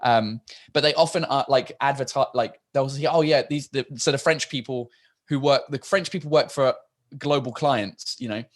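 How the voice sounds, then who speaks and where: A man from Britain, a stand-up comedian, chatting as a podcast guest in a joking manner with quick mock quotes. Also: medium pitch. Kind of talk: casual podcast chat.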